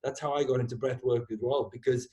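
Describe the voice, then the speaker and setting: A man hosting a podcast in easygoing, heartfelt conversation. He talks with animated energy and swears freely, often tagging his sentences with "man". His pitch sits in the middle for a man. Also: quick pace. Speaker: podcast host. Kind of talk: casual heartfelt chat.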